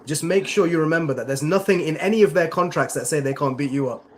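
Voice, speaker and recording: A man's voice: a little high, fast talker, slight background noise. A male MMA interviewer asking long, rambling questions in a chatty, casual way.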